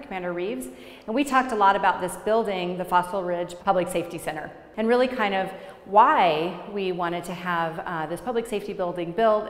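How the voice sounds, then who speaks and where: A woman's voice: medium pitch, fairly bright tone. A woman, a mayor hosting a city TV show, talking to viewers in a casual, upbeat way with everyday fillers. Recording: echoey room with long reverb.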